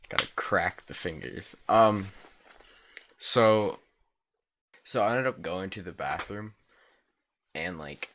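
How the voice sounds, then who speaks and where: A teenage boy rambling through a casual storytime vlog, swearing freely and filling every pause with "like". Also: deep voice, pushed and bright.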